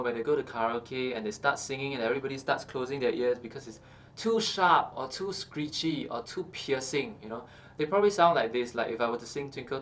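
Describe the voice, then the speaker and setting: A man teaching singing, explaining calmly with many fillers and checking in with "okay" as he goes. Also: mid-range voice. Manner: explains calmly with frequent uh and okay, breaks into short sung examples. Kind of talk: instructional talk with sung demonstrations.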